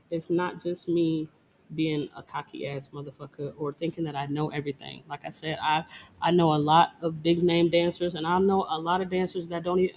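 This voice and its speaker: A woman's voice: fairly low pitch, fairly bright tone, slight background noise. A woman dancer talking bluntly and profanely in a casual interview, laughing often and boasting. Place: Detroit.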